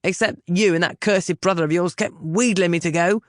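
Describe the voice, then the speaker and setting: A man's voice: high voice, steady tone, fairly quick, dry recording, clean studio sound, natural voice. A woman voicing a blunt, combative young man who is stubborn and afraid of the sea, in an audiobook. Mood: grumbling. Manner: gruff, combative, plain-spoken.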